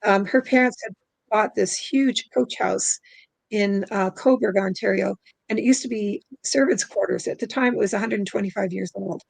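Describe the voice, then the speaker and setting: A middle-aged woman from Canada tells a long personal story in casual interview talk. Her voice has a gravelly edge at a medium pitch. She rambles, restarts often and leans on fillers. The sound is dry and close. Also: moderate pace, dry recording, low-quality recording. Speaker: guest spirit releasement practitioner.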